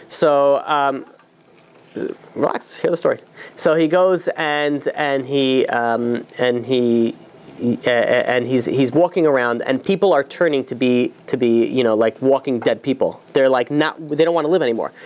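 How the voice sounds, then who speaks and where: A man, a rabbi, telling a long story in a loose, conversational way, full of fillers and restarts. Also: medium pitch. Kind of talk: storytelling talk.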